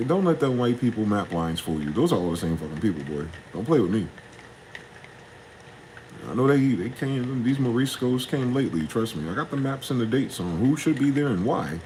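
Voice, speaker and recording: A young man, ranting in a casual, profane solo monologue, jumping from heated questions to low muttering. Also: sing-song, moderate pace, a little mellow, a little hiss or hum, poor audio. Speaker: podcast host.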